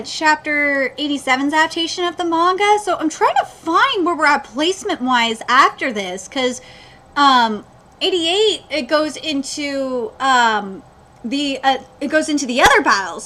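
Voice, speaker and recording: High, bright-voiced woman ranting. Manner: ranting, exasperated, swears freely; fan checking details against the manga. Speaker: anime reaction host. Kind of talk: live reaction commentary.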